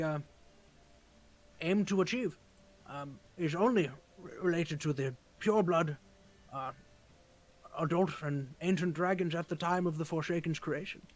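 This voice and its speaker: A man voicing an old male leader of dragon hunters, earnest and weary, speaking in a halting, grave, formal way. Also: fairly high pitch, natural voice, rough recording. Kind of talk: role-playing a tabletop game character.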